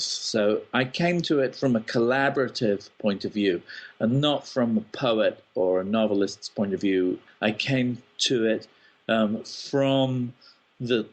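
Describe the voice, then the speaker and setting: A man, a screenwriter, answering interview questions thoughtfully with ums and restarts. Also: lowish voice. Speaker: guest, screenwriter.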